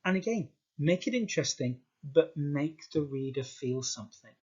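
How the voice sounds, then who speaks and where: A man with a British accent, teaching an English exam skills lesson in a slow, emphatic way, repeating words for stress. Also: on the high side, expressive, a little mellow, breathy edge. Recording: dull lo-fi sound.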